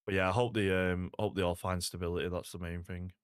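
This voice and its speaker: A man's voice: low voice, level tone, quick pace, smooth, no echo, clean studio sound. A young man, chatting casually to viewers while playing a game, laid-back and full of "like" and "mate". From Salford, England. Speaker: streamer. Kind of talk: casual gaming stream chat.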